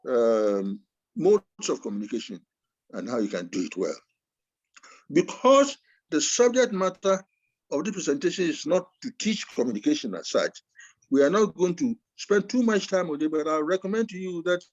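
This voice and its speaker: A man teaching a master class over a video call, with a voice set fairly high for a man that rises and falls constantly as he stresses each point. He slows down and pushes hard on key words, like someone performing his lecture. The call audio sounds muffled and dull. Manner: animated, swings voice up and down for emphasis.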